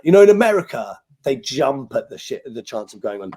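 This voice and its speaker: British male magician, chatty anecdotal guest, mid-pitched, lively and a bit sweary. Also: fairly quick. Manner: animated, swears freely, acts out quoted lines. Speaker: podcast guest, magician and compere. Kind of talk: anecdotal storytelling interview.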